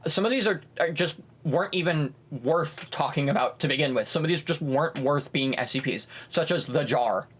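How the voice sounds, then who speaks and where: Young male streamer, relaxed chatty co-host, lively, a touch high-pitched. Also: fairly quick, hardly any pauses. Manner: animated, breaks into high silly voices. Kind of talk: casual stream chat.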